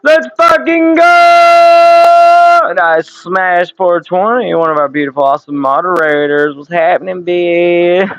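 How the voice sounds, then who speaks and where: A man's voice: fairly high pitch, fairly even intonation, moderate pace, a bit bright, low-quality recording. A man in his thirties hosting a casual livestream from home, swearing and laughing through loose banter. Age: 30s. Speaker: livestream host. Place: home room with window air conditioner.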